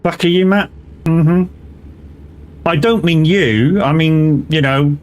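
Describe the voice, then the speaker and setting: A man's voice: on the high side, slow pace, darkish tone. A man, chatting casually and swearing freely with his viewers while driving in a game stream, laughing often.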